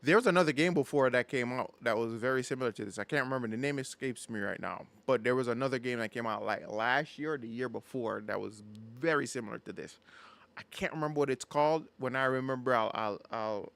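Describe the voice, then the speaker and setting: A man hosting a casual gaming podcast, talking in an animated, rambling way with frequent restarts. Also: medium pitch, fast, vocal fry. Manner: animated, rambling, stumbles and repeats words. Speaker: podcast host. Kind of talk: casual chat.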